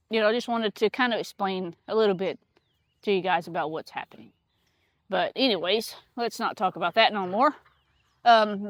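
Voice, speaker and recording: A woman's voice: a little high, no echo. A woman chatting casually outdoors in her garden, rambling with lots of fillers. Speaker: homesteader vlogger. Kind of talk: casual chat.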